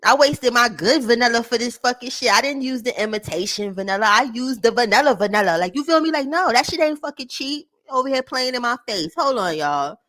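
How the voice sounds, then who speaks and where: A woman vlogger chatting casually to her viewers, ranting loudly with frequent laughter and swearing. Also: on the high side, animated, brisk, hardly any pauses. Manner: loud, laughing, profane rants. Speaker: vlogger reacting to a clip. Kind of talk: casual livestream chat.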